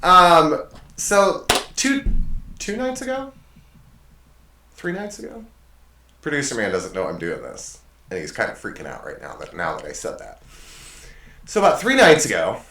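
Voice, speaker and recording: A male show host with a lowish, sharp voice rambles through a casual storytelling monologue at a desk in his home studio. His voice jumps around a lot as he corrects and mocks himself, and the mic sits at a distance in an echoey room.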